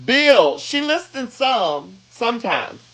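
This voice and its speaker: A high-pitched man with a South Carolina accent and a bright, ringing tone chats away on a cooking live stream. He is sassy and playful, and he stretches out his greetings to viewers in a slow, unhurried drawl. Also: sing-song, low-quality recording. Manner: sassy, playful, drawls greetings, hums little sound effects.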